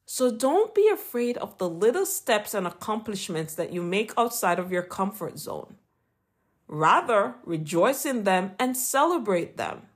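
A woman's voice: mid-range voice, big pitch swings, measured pace, slightly rough. A woman with a Jamaican accent reading an earnest, encouraging Christian motivational talk as a podcast host. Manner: earnest, encouraging, read from a script.

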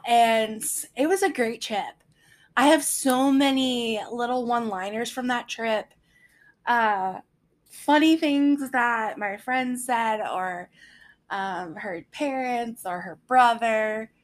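A young woman talks through a personal story at an unhurried pace, chatty and rambling. Her voice sits a little high, and she breaks into laughter at her own anecdotes. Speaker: speaker sharing a personal faith story. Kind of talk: casual storytelling monologue.

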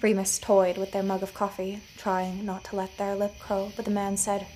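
A woman's voice: mid-range voice, monotone, moderate pace, dark tone, a little hiss or hum, low-quality recording. Woman narrating audio fiction. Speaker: writer and narrator.

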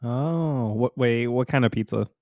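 A player reacting in a casual group chat with drawn-out remarks. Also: medium pitch, warm tone, no room sound, studio quality.

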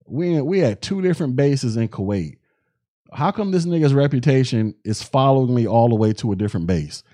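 A man's voice: mid-range voice, lively intonation, a little fast, dark tone. A man hosting a podcast, telling a story in a loose, casual way with heavy slang, profanity and frequent restarts. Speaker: podcast host.

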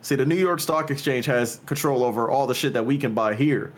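Brief: male co-host, easygoing slangy chat, middle pitch. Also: a little fast. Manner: laid-back, slangy, says "bro" and "y'all". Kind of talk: casual profane chat.

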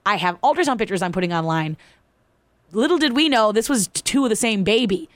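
Woman telling a story on a podcast, lively, acts out the voices, dry close sound. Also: mid-range voice, a little fast, no echo. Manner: animated, acts out quoted voices. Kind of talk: casual storytelling chat.

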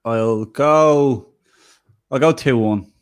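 A man's voice: mid-range voice, drawn-out words. A young man co-hosting a football podcast, laid-back and dryly teasing his co-host. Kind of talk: casual football podcast chat.

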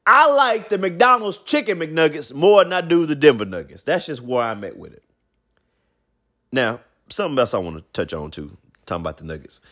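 Male sports show host, high, lively pitch, blunt and colloquial opinion monologue. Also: moderate pace. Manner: animated, blunt, colloquial, repeats himself. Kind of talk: opinionated basketball commentary monologue.

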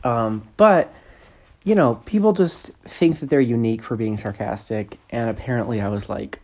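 A man's voice: medium pitch, moderate pace, a little mellow. A man reading his own novel aloud, casual and joking, with chatty asides full of fillers. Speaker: author reading his book.

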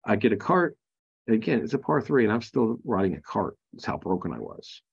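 Frank, halting male veteran storyteller. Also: on the low side, sing-song, gravelly, husky, muffled recording. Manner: frank, halting, many fillers and restarts. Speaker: podcast guest, Marine veteran. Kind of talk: candid personal storytelling.

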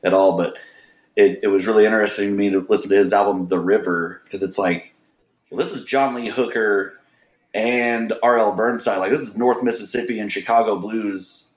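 A man's voice: on the low side, fairly even intonation, moderate pace, reverberant. A man chatting casually as a podcast guest, rambling with enthusiasm and chuckling as he goes. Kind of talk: casual chat.

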